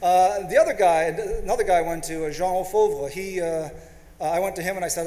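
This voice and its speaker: A man in his fifties with a somewhat high voice tells a story to an audience, acting out each side of the conversation. His self-deprecating delivery carries through a lecture hall with a long, roomy reverb. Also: steady tone, moderate pace, warm tone, slight background noise. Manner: anecdotal, self-deprecating, acts out quoted dialogue. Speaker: panelist. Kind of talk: storytelling talk on a panel.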